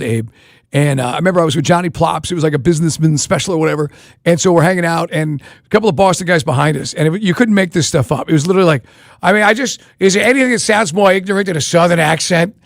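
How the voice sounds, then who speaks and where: A man hosting a sports radio show, talking in a rapid, rambling, animated way. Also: fairly high pitch, dry recording, clean studio sound. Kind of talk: casual sports talk.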